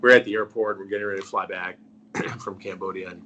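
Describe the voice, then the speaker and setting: A man's voice: low-pitched, steady tone, fast, sharp tone, dull audio, a little hiss or hum. A middle-aged man, a journalist being interviewed, telling a story earnestly and trailing off to a near-whisper at the ends of phrases. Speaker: investigative journalist, guest.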